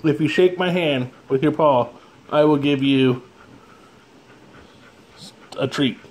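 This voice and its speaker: A man's voice: fairly high pitch, slow pace, a little mellow. A man vlogging at home who talks to his dog in a teasing, playful, coaxing way. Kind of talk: casual talk to a pet. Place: home room with dogs around.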